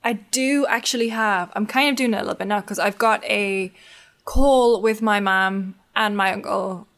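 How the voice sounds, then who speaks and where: A woman's voice: mid-range voice, moderate pace, a bit bright. A woman from the north of England talks with a mixed accent that has picked up American traces. She co-hosts a casual podcast chat, chatty and self-deprecating, trailing off with ums. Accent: mixed Northern English with American traces. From Newcastle, north of England. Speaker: podcast co-host.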